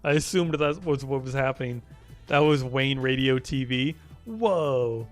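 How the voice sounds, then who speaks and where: A man's voice: medium pitch, measured pace, faint music behind. A young man streaming live, chatting casually, teasing and swearing as he rambles.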